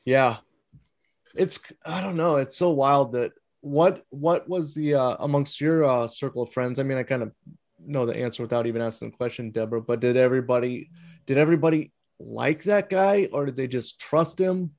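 A man's voice: mid-range voice, normal speed, vocal fry, a little mellow. Man hosting a casual chat. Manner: asks rambling, opinionated questions. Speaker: podcast host. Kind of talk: casual interview.

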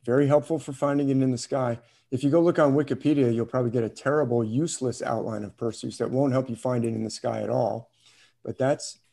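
Guy lecturing a class, loose storytelling, lots of ums, dark mellow voice. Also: mid-range voice, vocal fry. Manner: storytelling, asks questions, chuckles, hesitant fillers. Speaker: teacher.

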